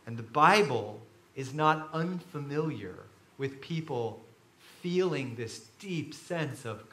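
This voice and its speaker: Animated man preaching in an echoey room. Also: slow pace. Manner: swings from quiet and low to loud and emphatic, acts out quoted voices. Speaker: pastor. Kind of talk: sermon. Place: large room with an audience.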